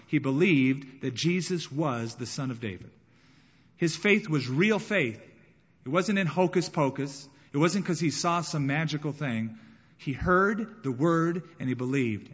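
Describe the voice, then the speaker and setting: A man's voice: fairly high pitch, fairly bright tone, breathy edge, lo-fi sound. Dramatic male preacher in a reverberant hall. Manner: dramatic, acting out voices in the scripture. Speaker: pastor. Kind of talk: sermon.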